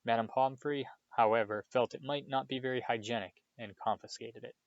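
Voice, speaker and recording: A man's voice: mid-range voice, fairly even intonation, no echo, muffled recording, close to an everyday voice. A man voicing a kindly old wizard headmaster. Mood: gentle. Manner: gentle, measured and wry.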